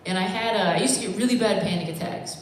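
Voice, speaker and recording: A stand-up comic performs a set in a bar, her medium-pitched voice moving fast. She rambles conversationally and pokes fun at herself, and the room sounds echoey with faint noise.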